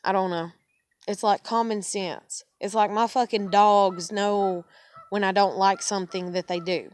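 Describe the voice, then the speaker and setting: A woman's voice: mid-range voice, steady tone, unhurried, dry recording. A woman venting at length in a casual video monologue, angry and swearing freely. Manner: angry, profane ranting. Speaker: vlogger. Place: living room at home.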